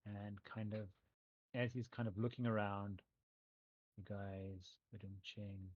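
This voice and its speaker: A man narrating as game master of a tabletop game, easygoing and halting. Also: lowish voice, fairly even intonation, dry recording. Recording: dull lo-fi mic.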